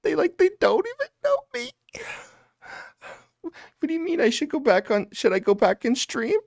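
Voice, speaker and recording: A sobbing, whiny streamer in falsetto. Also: male voice, big pitch swings, brisk, gravelly. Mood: weepy. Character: weepy oversensitive young streamer, easily hurt. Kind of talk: mocking parody.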